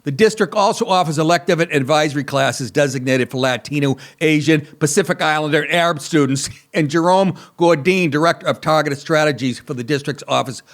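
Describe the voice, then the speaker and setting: A man's voice: on the high side, fairly quick, few pauses. A man in his sixties hosting a comedy talk show, crude and sarcastic, often laughing at his own jokes. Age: 60s. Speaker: comedian podcast host.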